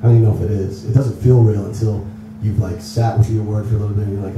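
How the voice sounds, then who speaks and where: A young man, a musician guest in a casual radio interview, telling rambling, animated stories. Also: fairly low pitch, dull audio. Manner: animated storyteller, quick and rambling, many "like"s. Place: radio station studio. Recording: echoey room, distant mic, noisy.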